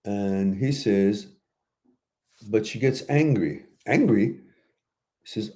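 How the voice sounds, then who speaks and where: Slow and full of long pauses, a man's voice carries blunt, preachy relationship advice as he hosts a casual live-stream Q&A for viewers. He's animated and emphatic, his pitch swinging high on exclamations, and he drops in laughter and asides.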